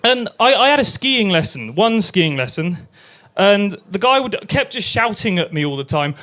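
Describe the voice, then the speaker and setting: A man's voice: high-pitched, sing-song, normal speed, few pauses, pushed and bright. A young man performing a crude stand-up set at an open mic night, acting out voices and sounds. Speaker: stand-up comedian.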